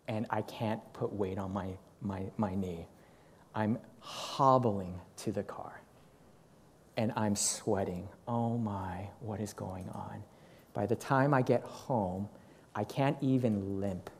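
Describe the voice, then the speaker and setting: Middle-aged guy preaching, telling a story all animated, kinda mellow dark voice. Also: fairly low pitch. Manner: animated storytelling with acted quotes. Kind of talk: sermon storytelling.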